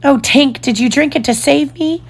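A woman reading a storybook aloud, voicing the boy hero Peter Pan with high, eager cries. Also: normal speed, vocal fry. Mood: pleading.

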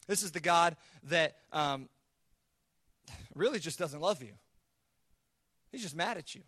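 A man's voice: a little high, a little slow, long pauses, a bit bright, dry recording, studio quality. Earnest man preaching a sermon. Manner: earnest, repeats words when building a point; acts out God's voice in quoted asides. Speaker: pastor.

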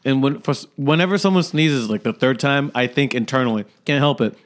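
A man's voice: mid-range voice, brisk. A man in his thirties co-hosting a podcast, telling stories in a joking, casual way. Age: 30s. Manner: joking, puts on a mocking street voice. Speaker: podcast co-host. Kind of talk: casual chat.

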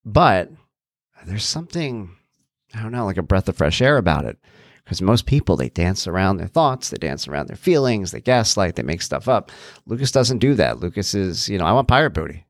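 Man, middle-aged, solo podcast host, low pitch, very animated delivery, earnest and off-the-cuff, dry close sound. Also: a little fast, no room sound. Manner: earnest, animated, thinking aloud with restarts. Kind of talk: casual solo podcast talk.

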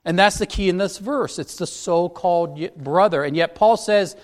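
A man's voice: high voice, moderate pace. A man preaching an expository sermon as a pastor, teaching earnestly verse by verse.

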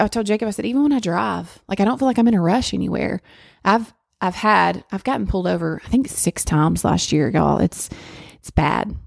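Candid woman, gravelly podcast voice. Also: on the low side, dry recording, clean studio sound. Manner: candid, rambling, with restarts and soft laughs. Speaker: podcast host. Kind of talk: personal reflective monologue. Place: home.

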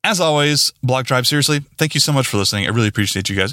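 Excitable male podcast host, lively pitch, dry close-mic sound, rambling and self-deprecating. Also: very fast, no echo. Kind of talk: casual solo podcast sign-off.

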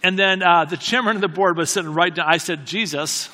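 In a large hall with long reverb, a preacher delivers a storytelling sermon at a quick pace. His bright, higher voice keeps a fairly even intonation while he chats casually, jokes at his own expense, and circles back to his key lines.

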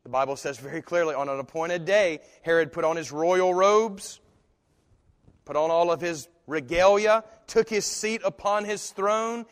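A man preaching a sermon as pastor, swinging from hushed, slow phrases to loud, emphatic ones. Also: on the high side. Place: church sanctuary. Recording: long hall reverb.

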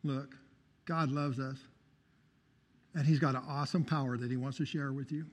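A man's voice: medium pitch, steady tone, moderate pace. A man giving a fervent preaching testimony, calling out for amens. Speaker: testimony speaker. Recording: long hall reverb.

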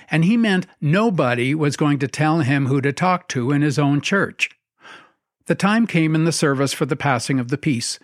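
Dry-voiced male storyteller, wry and measured. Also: on the high side, dry recording. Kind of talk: scripted narration.

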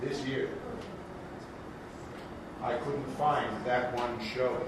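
A man's voice: medium pitch, fairly even intonation, extremely slow. A man playing an aging, showy, forgetful Broadway producer who emcees a live improvised stage comedy with grandiose showman patter. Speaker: show's emcee character. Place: theater stage. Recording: echoey theater recorded from far off, noisy.

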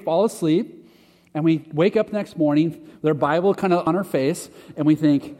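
A man's voice: fairly high pitch, brisk, mellow. A man preaching a conversational sermon, talking casually and poking fun at himself. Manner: conversational, self-deprecating preaching with restarts. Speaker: pastor. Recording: long hall reverb.

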